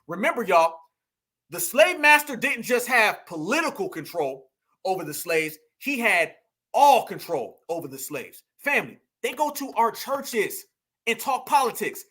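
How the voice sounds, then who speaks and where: A man with a strikingly high, bright and forceful voice, preaching his political commentary with heat. He hammers points home through repetition and keeps calling out to his audience directly. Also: sing-song, normal speed, slightly rough. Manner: preachy, emphatic, repeats lines for effect, addresses listeners as y'all. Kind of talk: impassioned political monologue.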